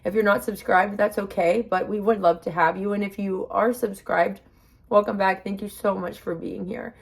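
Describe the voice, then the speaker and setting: A woman's voice: mid-range voice, fairly even intonation, normal speed, gravelly, husky. Young woman vlogger, mouth numb from the dentist, talks chatty and upbeat, reassuring herself. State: numb-mouthed after dental work, emotional. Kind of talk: casual vlog to camera.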